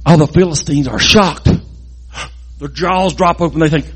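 A man telling a Bible story in a lively, folksy way, adding sound effects and jokes. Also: on the high side, normal speed, slight background noise.

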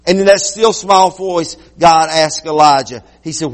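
A man preaching a sermon as pastor, swinging between loud quick bursts and low slow passages. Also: big-room sound.

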